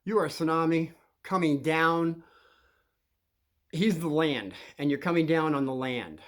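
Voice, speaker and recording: A man's voice: a little high, unhurried. Rambling man acting out schoolyard scenes. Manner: rambling, acts out scenes with sudden loud quoted lines. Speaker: host giving kids advice on bullies. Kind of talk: rambling monologue to children.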